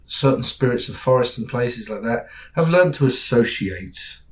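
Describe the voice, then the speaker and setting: A man's voice: medium pitch, animated, moderate pace, poor audio. Dry British man chatting casually. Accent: British English. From England. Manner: dry, self-deprecating, trails off quietly. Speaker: podcast co-host. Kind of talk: casual chat.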